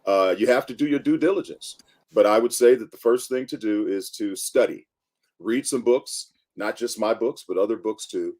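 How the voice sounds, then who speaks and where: A man on a video call giving calm, measured voice-over advice as an interview guest. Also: fairly low pitch.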